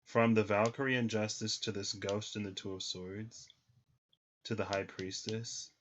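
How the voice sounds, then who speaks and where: Low-voiced man rambling through a tarot reading. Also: little pitch movement, a little slow, a bit bright, a little hiss or hum. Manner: rambling, thinks aloud with many ums. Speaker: tarot reader. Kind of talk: casual livestream tarot reading. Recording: slightly muffled lo-fi audio.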